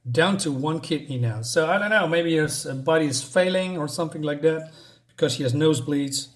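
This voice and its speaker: A man's voice: fairly high pitch, brisk. A man casually recapping a comic book's plot, rambling and hesitant, often losing his thread. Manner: rambling, many fillers and restarts. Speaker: comic reviewer.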